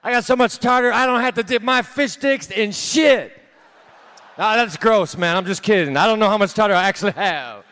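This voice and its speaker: A man in his thirties doing a stand-up set on a theater stage, delivering deadpan one-liners that trail off into small laughs at himself. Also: sits high, normal speed. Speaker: stand-up comedian. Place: large theater stage, live audience.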